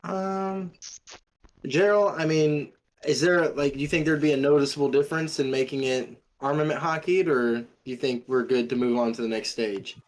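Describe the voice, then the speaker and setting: A man's voice: fairly high pitch, normal speed, low-quality recording. A man playing a tabletop game, talking hesitantly with frequent restarts. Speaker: player.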